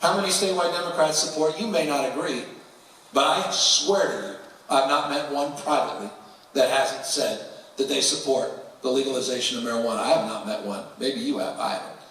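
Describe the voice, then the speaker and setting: A man telling a wry, animated story as an interview guest before a live audience at a festival venue. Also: medium pitch, a little fast. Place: large public festival venue. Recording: echoey hall from far off.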